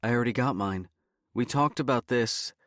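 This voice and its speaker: A man's voice: medium pitch, moderate pace, fairly bright tone, no echo, clean studio sound, voice pushed up, close to an everyday voice. A man voicing a wry, teasing young woman teacher in an audiobook. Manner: playful, teasing. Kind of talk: audiobook character voice.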